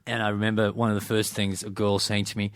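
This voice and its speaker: A man's voice: lowish voice, flat delivery, quick pace, no echo, clean studio sound. A man in his forties from South Africa, an actor guest on a podcast, talking earnestly with stammering restarts. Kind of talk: casual interview chat.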